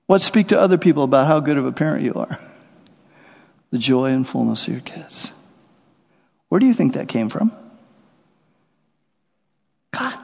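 A man preaching a sermon, animated, acting out little scenes and voices as he goes. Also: mid-range voice, moderate pace, creaky, long pauses, breathy edge. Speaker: pastor. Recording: muffled sound with long hall reverb.

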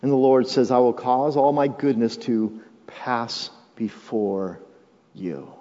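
A male pastor preaching a sermon, swinging from hushed, drawn-out phrases to raised, urgent appeals and calling on the congregation to repeat lines after him. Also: medium pitch, steady tone. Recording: dull, lo-fi sound with long hall reverb.

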